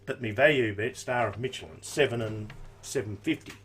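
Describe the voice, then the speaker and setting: A man's voice: medium pitch, fairly quick, a bit bright, slight background noise. An Australian man giving horse racing tips and odds in an easygoing live-stream chat, full of casual slang. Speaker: racing tipster.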